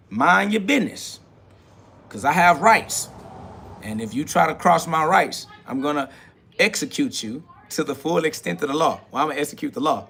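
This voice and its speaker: Man, bright tense tone, slightly high voice, swaggering live-stream preacher. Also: gravelly. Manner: swaggering, slangy, talks back to chat comments. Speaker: livestream host. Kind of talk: casual preaching monologue.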